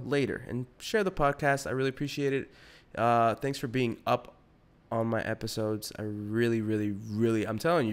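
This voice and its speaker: A young adult man hosting a podcast solo, rambling in a slangy, profane, casual way. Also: mid-range voice. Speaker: podcast host.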